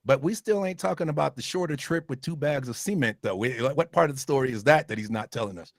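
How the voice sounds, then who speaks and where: A man hosting a casual chat, animated and swearing freely, with loud bursts when he gets worked up. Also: medium pitch, fast talker, dry recording, studio quality.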